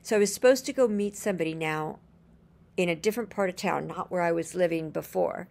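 A woman's voice: fairly low pitch, brisk, vocal fry, a little mellow. A woman telling a personal story in a casual, earnest and gushing way, chaining events with "and then" as she rambles along.

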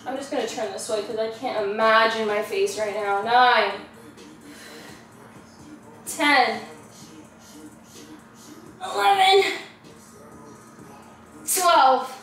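A woman's voice: fairly high pitch, slow pace, pauses often, a bit bright. A young woman leading a follow-along workout, counting reps out of breath and swearing as she strains. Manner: counting reps aloud, swearing and groaning with effort. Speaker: fitness vlogger. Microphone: camera at a distance. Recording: echoey room, camera far off, music behind.

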